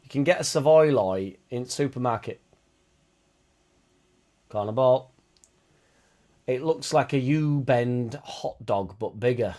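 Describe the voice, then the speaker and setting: A man's voice: medium pitch, takes it slowly, long pauses, darkish tone. Swearing Yorkshire man on a livestream. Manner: blunt, swearing, chatty banter. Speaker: livestream host. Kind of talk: casual watchalong chat.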